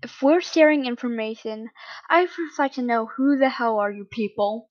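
A woman's voice: fairly high pitch, normal speed, muffled recording, close to an everyday voice. A woman reading aloud, voicing a captive king who answers his captors with sarcasm and clipped anger. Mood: defiant. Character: angry defiant captive male king.

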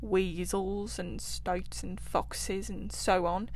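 A woman's voice: mid-range voice, little pitch movement, takes it slowly, darkish tone. A woman voicing a self-assured male water rat who loves his river, talking in a confident, chatty and somewhat guarded way. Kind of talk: storybook reading.

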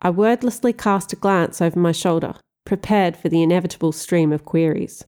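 A woman narrating a first-person audiobook in a wry, expressive storytelling manner. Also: on the low side, brisk, few pauses, smooth.

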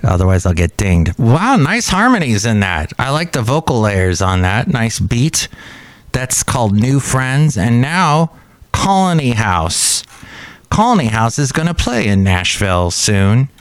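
A man's voice: measured pace, no room sound. Chatty man hosting a podcast. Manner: rambling, chatty, excitable jumps in pitch. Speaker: podcast host. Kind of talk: casual solo podcast chat. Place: cafe.

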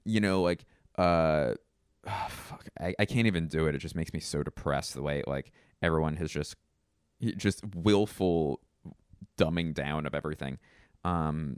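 A man with a low, smooth voice delivers a rambling comic monologue. He is self-mocking and curses freely, and the recording is close and dry. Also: dry recording.

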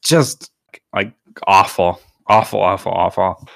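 Man, very low voice, dry close sound, casual rambling podcast chat. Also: slow pace, gravelly, no room sound. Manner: rambling, heavy on filler words. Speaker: podcast co-host.

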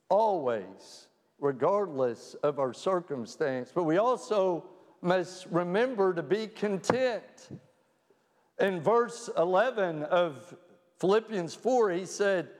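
High-voiced pastor preaching in a reverberant hall. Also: male voice, darkish tone. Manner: storytelling, plays both sides of a joke in quotes. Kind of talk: sermon with a humorous story.

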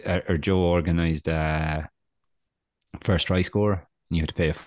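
A man's voice: low-pitched, fairly even intonation, measured pace, a little mellow, no room sound, clean studio sound. A young adult man, co-hosting a podcast and telling rambling, self-deprecating stories full of fillers. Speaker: podcast co-host. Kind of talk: casual chat, storytelling.

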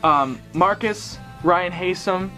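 A young man co-hosting a podcast, telling a crude high school story in a rambling, laughing way. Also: slow pace, sharp tone, soft background music. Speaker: podcast co-host. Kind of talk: casual storytelling chat.

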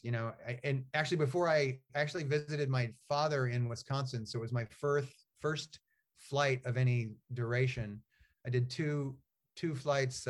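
A man, an author and guest in a casual interview, talks in a rambling, storytelling way with many fillers and restarts. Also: mid-range voice.

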